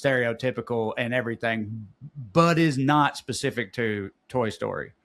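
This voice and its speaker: Laid-back Southern co-host, mid-pitched male voice, loose and rambling. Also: moderate pace, fairly bright tone. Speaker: podcast co-host. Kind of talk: casual chat.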